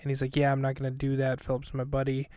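Flat-voiced man recapping casually. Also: medium pitch, fast, clean tone, no echo, studio quality. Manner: rambling, with many fillers and self-corrections. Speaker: podcast host.

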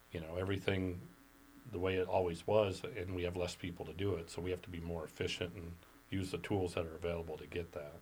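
A man's voice: sits low, darkish tone, rough recording. A man guesting on a business podcast, talking casually with lots of fillers. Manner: conversational, many "you know" fillers.

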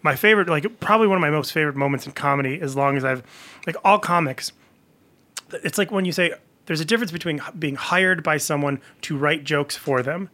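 A man's voice: on the high side, fairly quick, pushed and bright. A man telling comedy-world stories in a casual podcast chat, rambling with many fillers. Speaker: comedian guest.

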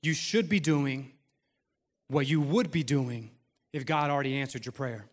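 A man's voice: mid-range voice, normal speed, in a large hall. A man in his thirties preaching a sermon in a conversational style, mixing humor and playful acted asides into the message. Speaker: pastor.

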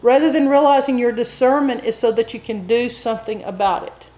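A woman preaching a sermon, telling a story with animated delivery that climbs high and loud at dramatic moments. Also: a little fast, reverberant, poor audio.

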